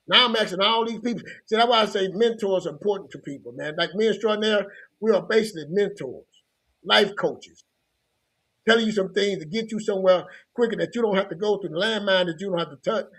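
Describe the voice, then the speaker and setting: A man's voice: high voice, fairly bright tone. A middle-aged man from Louisiana, telling his life story as a motivational coach in a loose, conversational way. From Louisiana, United States. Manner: loose, conversational, repeats himself and restarts.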